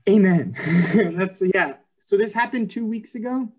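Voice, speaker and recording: A man's voice: high-pitched, expressive, a little slow. Earnest young man giving a testimony. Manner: earnest, many ums and likes. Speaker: guest speaker. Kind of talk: Christian testimony over a video call. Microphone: video call.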